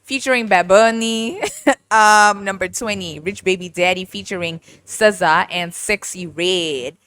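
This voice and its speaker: A young woman hosting a casual music podcast, animated, laughing often and mimicking voices as she talks. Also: on the low side, a little slow. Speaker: podcast host.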